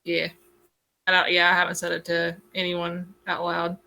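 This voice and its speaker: Lower, bright-toned woman player. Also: completely flat delivery, moderate pace, gravelly. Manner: thinks aloud, hedging. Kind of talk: casual tabletop chat.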